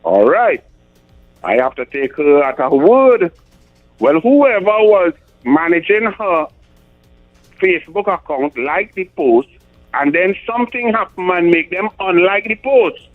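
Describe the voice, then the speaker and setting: A man's voice: high-pitched, lively intonation, a little slow, soft background music. Man, Trinidadian accent, middle-aged, radio host, emphatic, repetitive, tinny phone-like sound. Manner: emphatic, repetitive, stumbles on numbers. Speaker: radio talk show host. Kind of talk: political commentary on talk radio.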